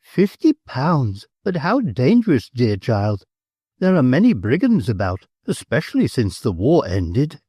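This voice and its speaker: A man's voice: wildly swooping pitch, a little slow, warm tone, husky, dry recording, clean studio sound, heavily acted. A man voicing a proud, imperious aristocratic countess in an audiobook, speaking in a raised, persuasive voice. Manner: proud, persuasive, high-pitched. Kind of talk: audiobook character voice.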